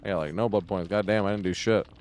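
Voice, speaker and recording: A man's voice: lowish voice, steady tone, fast talker, a little mellow. Rambling, cussing male game streamer. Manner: rambling, profane, chuckles often. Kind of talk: casual live-stream chat while gaming.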